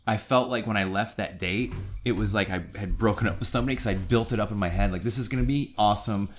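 A middle-aged man co-hosting a podcast, telling a story in a casual way and acting out quotes with sudden high-pitched jumps. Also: quick pace, soft background music. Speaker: podcast co-host.

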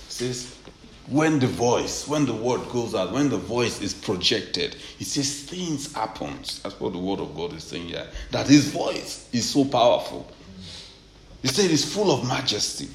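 A man preaching a sermon, reading scripture quietly at first and rising to loud, emphatic preaching with repeated amens. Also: medium pitch. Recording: echoey room with faint ambient noise.

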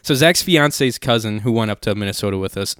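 A man's voice: medium pitch, big pitch swings, normal speed, vocal fry, fairly bright tone, no room sound, studio quality. A man in his twenties telling rambling, profane stories in casual conversation as a podcast host. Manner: loose, profane, rambling storyteller. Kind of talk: casual storytelling chat.

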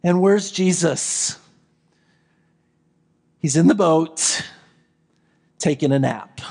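A man with a fairly high voice delivers a sermon at a slow, measured pace. He is a pastor retelling a story to his congregation, repeating phrases for rhythm. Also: vocal fry, husky. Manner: storytelling, repetitive, builds then softens. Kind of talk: Christmas Eve sermon.

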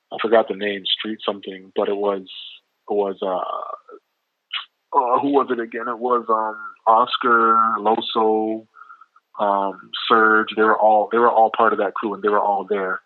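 A Canadian man with a low voice and a relaxed Canadian accent talks loosely as a guest, with lots of fillers. He comes through a tinny, dry phone line. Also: no room sound. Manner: easygoing, rambling with many fillers. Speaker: rapper guest. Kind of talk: casual interview over the phone.

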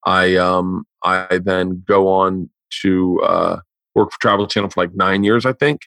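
A man in his forties, a comedian hosting a podcast, telling stories in a casual, profane, animated way. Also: low voice, unhurried, vocal fry, no echo. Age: 40s. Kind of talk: casual storytelling chat.

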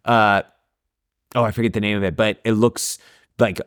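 Male podcast co-host, casual chat, relaxed, fillers, dry close mic. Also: fairly low pitch, moderate pace, smooth, no room sound.

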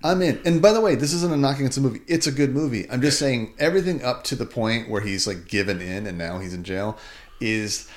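A man's voice: mid-range voice, fairly quick. A middle-aged man co-hosting a podcast, chatting casually about movies, joking and laughing often. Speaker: podcast co-host.

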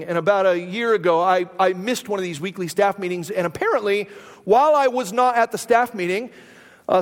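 A male pastor preaching a sermon in a conversational storytelling manner, often tossing rhetorical questions at the congregation. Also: high voice. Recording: long hall reverb.

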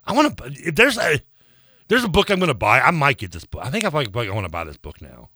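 A man co-hosting sports radio in loose, casual banter, rambling and restarting his thoughts as he talks. His voice sits a bit low but swings widely in pitch and has a bright edge. It is close-miked and dry in a studio. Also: sing-song, fast, no room sound. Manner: rambling, self-interrupting, laughs easily.

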